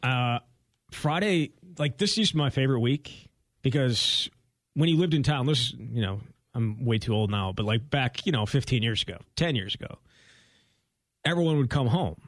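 A man in his thirties co-hosting a sports radio show, sarcastic and animated, with lots of "like" and "you know". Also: medium pitch, moderate pace, no echo, clean studio sound. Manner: sarcastic, animated, talks in fillers. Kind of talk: casual sports radio chat.

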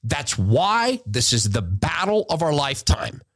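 A man's voice: a little high, sing-song, unhurried, a bit bright, dry recording. A man hosting a podcast, delivering a heated, emphatic and sarcastic commentary rant. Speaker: podcast host.

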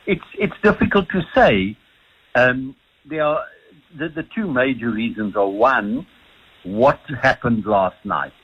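South African man, husky voice, muffled lo-fi line, halting, repeats himself. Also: mid-range voice. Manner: hesitant, repeats words often. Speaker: sleep doctor guest. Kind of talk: radio phone-in interview.

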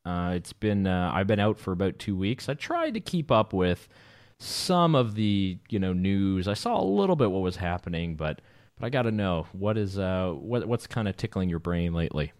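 A man hosting a talk radio show, chatting in a relaxed, jokey way and plugging the website between topics. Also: low voice, normal speed, dry recording, clean studio sound. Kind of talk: casual talk radio chat.

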